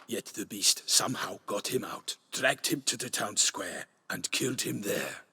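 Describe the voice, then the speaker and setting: An actor playing a proud, gallant knight in a video game, declaiming archaic lines with eager earnestness. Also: male voice, lowish voice, measured pace, pushed and bright, husky, full character voice.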